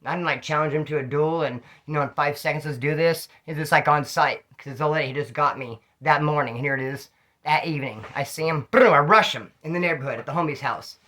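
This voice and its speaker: Middle-aged guy, loose slangy storyteller, slightly tipsy, talks quick with a slightly raised pitch. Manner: rambling, slangy, animated storyteller. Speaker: vlogger telling prison stories. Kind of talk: casual storytelling to camera.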